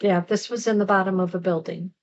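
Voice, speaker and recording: A woman's voice: medium pitch, fairly even intonation, fast, a little mellow, highs cut off. A woman co-hosting a casual movie review chat, recapping the plot in a rambling way with lots of fillers. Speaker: podcast co-host.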